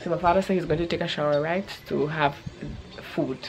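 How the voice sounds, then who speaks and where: A woman in her thirties talks in a slightly low voice in a relaxed, rambling vlog chat. She jumps quickly and playfully from thought to thought while sitting outdoors in a yard, with soft music faint underneath. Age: 30s. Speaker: vlogger. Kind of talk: casual chat.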